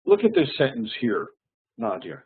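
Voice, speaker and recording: A man's voice: mid-range voice, very animated, moderate pace, slightly rough. A man teaching an online English lesson, patient and friendly, often repeating his words. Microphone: online call. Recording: tinny phone-like online call.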